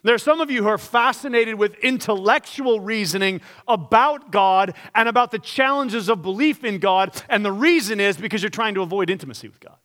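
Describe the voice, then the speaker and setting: A man's voice: high voice, fairly quick, hardly any pauses, a bit bright. A man pastor preaching a sermon, earnest and direct, asking the congregation rhetorical questions and reading scripture aloud.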